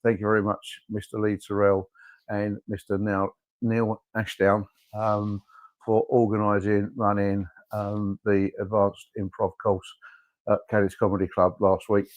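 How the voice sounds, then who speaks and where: A man's voice: on the low side, level tone, unhurried, muffled recording. A man co-hosting a comedy podcast in casual chat, joking and laughing often. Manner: jokey, laughs often, playful. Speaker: podcast co-host.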